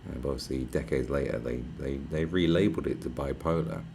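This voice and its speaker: Gravelly, very deep-voiced man streaming. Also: fairly quick, background noise. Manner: rambling, profane, chatty. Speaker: live streamer. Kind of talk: casual livestream chat. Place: where he is staying, not his home.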